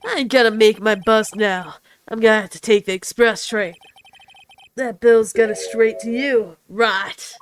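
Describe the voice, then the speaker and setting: A woman's voice: fairly high pitch, unhurried, a little hiss or hum, close to an everyday voice. A woman voicing a bullying male mobster lobster in a put-on Brooklyn accent that slips southern, with blustering tough-guy slang. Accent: put-on Brooklyn, drifting southern. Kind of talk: voicing game text in a playthrough.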